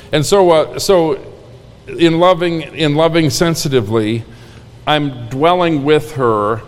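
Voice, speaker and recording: Earnest preacher in a reverberant church. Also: male voice, medium pitch. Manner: earnest, folksy, repeats key lines. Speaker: pastor. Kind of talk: sermon. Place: church sanctuary.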